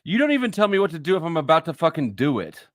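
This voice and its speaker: A male stream host with a lively, swooping voice teases his guests and eggs them on, swearing freely. The sound is close and dry. He runs the live panel chat. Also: a little high, quick pace, no echo. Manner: teasing, profane, egging others on.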